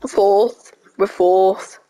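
A woman's voice: medium pitch, steady tone, very slow, warm tone, poor audio. A woman hosting a gaming video, casually grumbling and talking back at a football game as she plays. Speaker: gaming channel host. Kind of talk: casual gameplay commentary.

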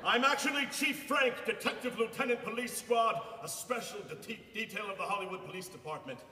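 An actor playing a bumbling, jolly police chief who runs a jail, on a live stage. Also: male voice, a little fast, pushed and bright, soft background music. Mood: jovial. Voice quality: bombastic, booming exclamations. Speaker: opera singer-actor in a staged comedy. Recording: roomy hall heard from far off with faint noise.

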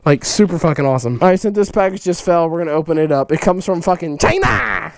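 A man hosting a casual fan mail vlog, excitable, loud and swearing constantly. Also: on the high side, fast talker, gravelly. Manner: excitable, loud and heavily profane. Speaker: YouTuber host.

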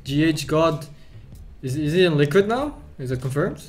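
Male game streamer, slightly high voice, crude boastful banter, profane. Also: very animated, normal speed, soft background music. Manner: crude, boastful joking with lots of swearing. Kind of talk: casual gaming chat.

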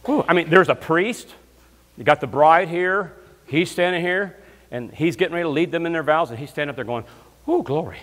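A fairly high-voiced man preaches in a big, reverberant church hall. He is a guest minister, swinging between hushed storytelling and loud shouted praise. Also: brisk. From Alabama, US South. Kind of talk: lively comedic sermon. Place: church sanctuary.

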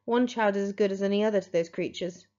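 A woman's voice: mid-range voice, fast, mellow, close to an everyday voice. A woman voicing a caring, firm elderly grandmother reassuring her grandson, on a dull lo-fi recording. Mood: grave.

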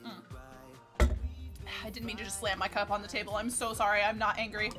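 A woman streaming a game, giving casual, animated commentary and cursing at the enemies. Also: medium pitch, moderate pace. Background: game music and sounds.

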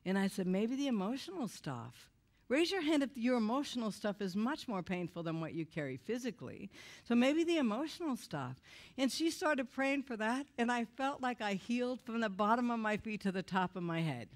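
A woman's voice: a little fast, few pauses. Earnest woman sharing a testimony. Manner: earnest, animated storytelling, voice rising when angry and dropping low when moved. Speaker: speaker giving a testimony. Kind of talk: emotional testimony talk to a church audience.

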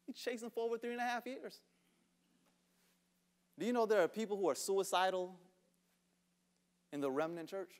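Male pastor, high voice, sermon in a church, soft-to-loud swings, repeats for emphasis. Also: very animated, measured pace, pauses often. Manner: swings from hushed whispers to shouted outbursts. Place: church sanctuary.

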